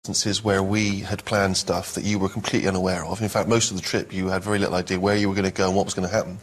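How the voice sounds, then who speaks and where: A man asking wry, probing questions as co-host, speaking quickly. His voice sits low, and he strings long questions together quickly. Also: level tone.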